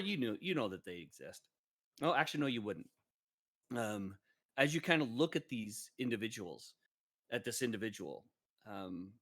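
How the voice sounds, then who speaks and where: A man's voice: on the low side, fairly bright tone. A man narrating a tabletop game as game master, in a casual way with frequent fillers.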